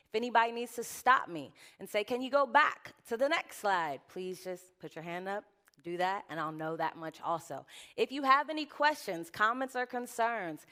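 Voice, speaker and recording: A woman giving a chatty, lively conference talk from a stage. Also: fairly low pitch. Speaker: conference speaker. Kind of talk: conference presentation.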